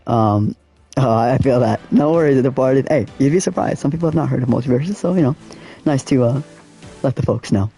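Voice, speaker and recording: A man's voice: medium pitch, a little fast, gravelly, warm tone, breathy edge, soft background music. A young man casually talking to his viewers in slangy speech while he plays a racing game. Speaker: gaming streamer. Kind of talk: casual live-stream commentary.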